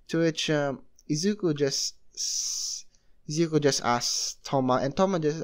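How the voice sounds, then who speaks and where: A young man narrating a homemade fan story in a loose, rambling way, full of fillers and restarts. His voice sits somewhat high for a man. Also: moderate pace. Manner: rambling, heavy filler use.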